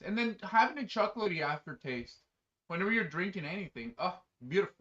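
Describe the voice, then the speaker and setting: Male streamer, high and bright, rambling and excitable chat, lo-fi dull stream mic. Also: fairly quick. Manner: excitable, bursts into loud exclamations; chatty, rambling, many fillers. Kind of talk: casual live-stream chat.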